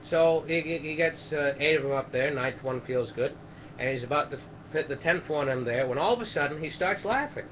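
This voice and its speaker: A man's voice: a little high, expressive, fairly quick. A man casually telling long jokes with rambling asides and restarts, hosting a charity stream. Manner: rambling, self-interrupting storyteller with asides. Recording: lo-fi stream audio with background noise.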